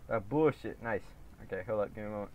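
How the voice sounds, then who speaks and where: A young man commentates his own gameplay in slangy, profane language, repeating catchphrases, taunting other players, and laughing when excited. His fairly low voice is fast, with slight background noise.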